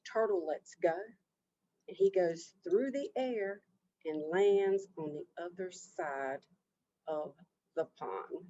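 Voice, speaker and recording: A woman telling an oral folk tale in an expressive, drawn-out way with repetition, on a dull lo-fi recording. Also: lowish voice. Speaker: storyteller, Native education coordinator.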